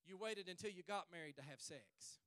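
A male pastor preaching a fervent sermon at a church service, stretching his phrases and rising to shouts. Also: high voice, brisk, no room sound.

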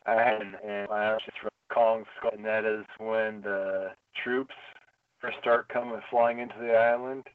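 A man hosting a casual chat with an easygoing, even delivery. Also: lowish voice, normal speed, clear, resonant tone, dry recording. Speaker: podcast host. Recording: tinny phone-like line.

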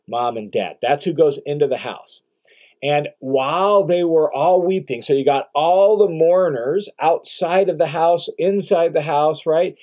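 A man giving a conversational Bible commentary as teacher, explaining in a relaxed way with asides and rhetorical questions. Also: a little high.

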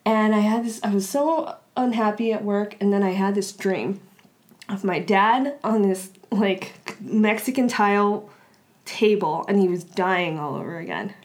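A woman's voice: mid-range voice, measured pace. A woman guest in an interview, telling a personal story casually, with frequent filler words and restarts. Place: Los Angeles area.

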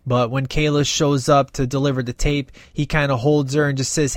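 A man's voice: mid-range voice, normal speed, hardly any pauses, no room sound, clean studio sound. A man casually retelling a film's plot, acting out the characters' lines with plenty of fillers. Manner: animated retelling, acts out quoted dialogue, many fillers. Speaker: movie reviewer. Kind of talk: casual film recap.

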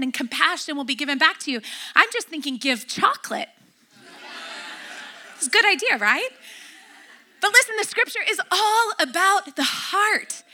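A woman's voice: sits high, pushed and bright. A middle-aged woman pastor preaching a sermon, emphatic and repeating key phrases.

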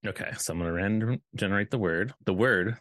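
Low-voiced playful man hosting a podcast. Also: fast talker, no echo. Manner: playful, bursts into loud laughter and rambling asides. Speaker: podcast co-host. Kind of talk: casual chat.

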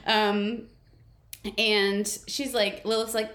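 A woman co-hosting a casual chat that recaps a TV episode, animated and laughing often. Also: mid-range voice, slow. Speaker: podcast co-host. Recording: roomy echoey recording.

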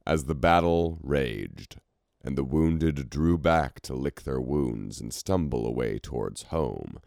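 A man narrating a fantasy story in a measured, expressive reading. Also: rumbling low, creaky, dry recording, clean studio sound.

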